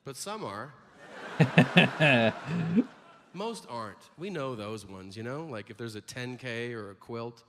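A man's voice: medium pitch, lively intonation, normal speed, hardly any pauses. A man performing a stand-up comedy set in a large venue, crude and punchy, often laughing through his lines. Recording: hall reverb and audience noise from a played clip.

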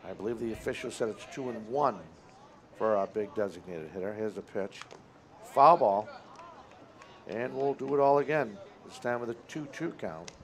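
Relaxed chatty man calling baseball. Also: on the low side, normal speed. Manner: relaxed, chatty, self-correcting. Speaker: play-by-play announcer. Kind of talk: local baseball play-by-play. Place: outdoor baseball stadium.

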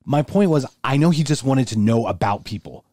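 A man's voice: medium pitch, lively intonation, a little fast, darkish tone, no echo, studio quality. A man co-hosting a podcast in casual conversation, thinking aloud with restarts and emphatic asides. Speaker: podcast co-host.

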